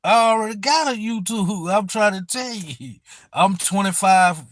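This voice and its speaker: A man chatting casually to his viewers on a livestream, loose and profane, full of street slang and animated storytelling. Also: high-pitched, measured pace. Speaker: YouTuber on a livestream.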